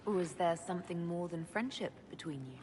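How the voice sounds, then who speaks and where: A female game hero voiced by a woman asks questions plainly and evenly. Her voice sits a little low, with ambient game noise behind it. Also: normal speed, darkish tone, lightly acted. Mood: curious. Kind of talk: video game dialogue.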